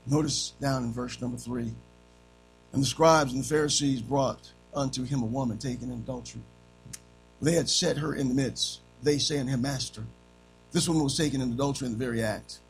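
A gravelly-voiced male preacher delivers a sermon. He climbs to shouted, high-pitched peaks, then drops to soft, hushed phrases. Faint music plays underneath. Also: low-quality recording. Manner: swings between shouting and soft, dramatic delivery.

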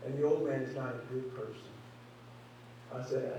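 A man's voice: mid-range voice, a little slow, long pauses, a little mellow. A man preaching a sermon as pastor, building emphasis and acting out conversations. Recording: very echoey hall, mic far off, faint hum.

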